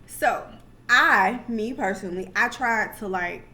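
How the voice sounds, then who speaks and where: Young woman vlogging a story, super chatty, lots of asides and restarts, medium pitch. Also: a little slow, sharp tone. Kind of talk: casual personal storytelling.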